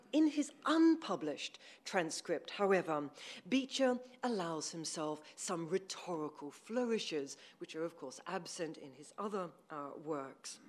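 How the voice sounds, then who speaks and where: A woman's voice: on the low side, darkish tone. A woman giving a history lecture to an audience, reading from her notes, with frequent ums and self-corrections. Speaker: academic lecturer. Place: room with an audience.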